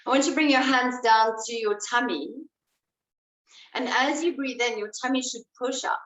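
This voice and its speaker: A woman breathwork instructor leading a guided breathing exercise, giving slow, calm instructions. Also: a little high, highs cut off. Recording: roomy sound, voice away from the mic.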